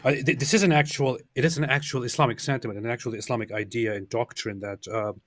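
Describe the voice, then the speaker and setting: A man co-hosting, explaining a point in a measured way with frequent fillers. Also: medium pitch, fairly even intonation, noisy background. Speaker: co-host. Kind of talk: explanatory commentary.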